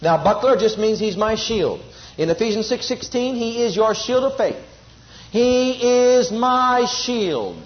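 A man's voice: high-pitched, moderate pace, muffled recording. A man preaching a sermon, repeating phrases with emphasis and leading the congregation in spoken responses.

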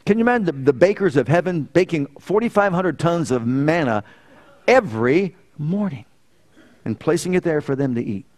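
A male pastor preaching a sermon in a church. His voice sits a little high. He tells stories, rising to loud emphasis and then falling to quiet, earnest lines.

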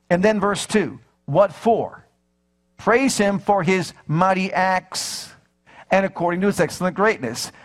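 A man preaching a sermon with fervor, repeating phrases and putting questions to his listeners. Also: high-pitched. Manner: fervent, repeats phrases, asks the audience questions.

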